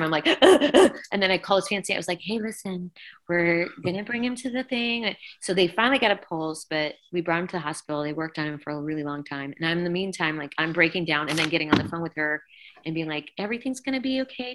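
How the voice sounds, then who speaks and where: A middle-aged woman with a low voice that still carries a bright, clear edge. She tells her story as an interview guest, animated and emotional, slipping into the voices of the people she quotes. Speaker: guest singer.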